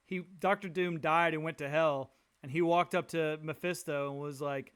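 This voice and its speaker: A man's voice: fairly high pitch, steady tone, brisk, hardly any pauses, fairly bright tone, clean tone. A man co-hosting a podcast in casual chat, telling rambling stories and acting out the voices in them. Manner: rambling storyteller, acts out quoted voices, laughs often. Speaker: podcast co-host.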